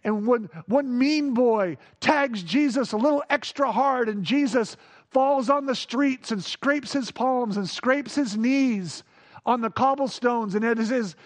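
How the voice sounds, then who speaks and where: A man preaching a sermon, moving from hushed awe to playful, animated emphasis. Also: very high-pitched. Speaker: pastor.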